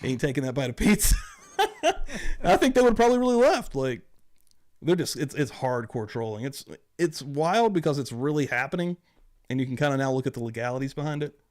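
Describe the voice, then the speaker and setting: A man's voice: mid-range voice, animated, fairly quick, a little mellow. A man hosting a casual livestream chat, rambling along, swearing often and chuckling as he talks. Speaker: host.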